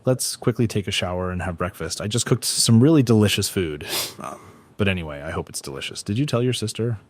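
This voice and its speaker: A man's voice: on the low side, expressive, a little fast, no room sound. A man voicing an earnest teenage boy in a storybook recap, pleading and eager to convince. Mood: cheerful. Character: earnest anxious teenage boy, younger brother.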